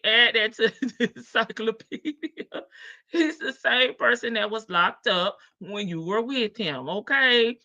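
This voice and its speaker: A woman hosts a casual livestream, sassy and quick to laugh as she answers her chat. She talks slowly in a bright, slightly high voice. The sound is dry and a bit dull. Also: dry recording. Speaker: livestream host.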